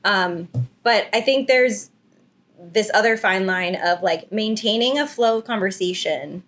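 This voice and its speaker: A woman co-hosting a photography podcast in casual chat, talkative and quick to laugh. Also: medium pitch, fairly bright tone. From United States. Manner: chatty, giggly, lots of "like" fillers.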